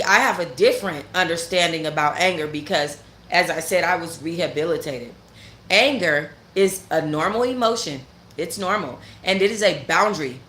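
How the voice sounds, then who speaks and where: A woman with a fairly low voice tells a story as a heated, casual rant. She is blunt and profane and hammers her points home by repeating them. Her voice echoes around the room over a faint background hum. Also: a bit bright. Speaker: channel host.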